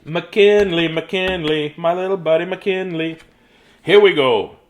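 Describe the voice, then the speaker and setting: Slow and somewhat high-pitched, a middle-aged man reads a storybook aloud to young viewers watching from home. His live-stream chat is playful and meandering, and he greets the children by name.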